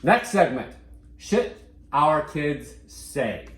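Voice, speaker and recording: Male co-host with a fairly high voice, animated and profane, recorded in an echoey room. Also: extremely slow. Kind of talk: casual podcast chat.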